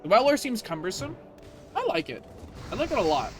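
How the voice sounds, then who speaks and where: A man's voice: high voice, wildly swooping pitch, fairly quick, soft background music. A man streaming a video game, ranting in casual, profane commentary.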